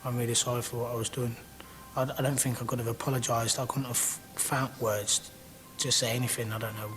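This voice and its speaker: Man, documentary testimony, earnest and halting, clear music bed behind. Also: medium pitch, flat delivery. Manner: earnest, plain-spoken, halting at times. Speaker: interviewee recounting arrest abroad.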